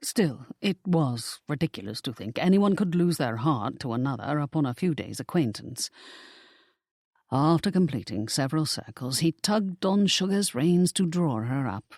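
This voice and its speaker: Audiobook reader, mid pitch, steady storytelling, very dry close mic. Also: normal speed, no room sound. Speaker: audiobook narrator. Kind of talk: scripted narration.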